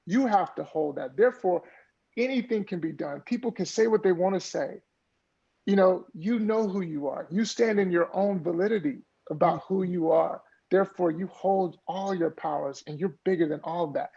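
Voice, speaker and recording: A man's voice: high-pitched, normal speed, vocal fry, warm tone, breathy edge, dull audio. A man speaking as a podcast guest, an earnest mindfulness coach who talks in a motivational way and often repeats words as he builds a point. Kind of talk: conversational interview.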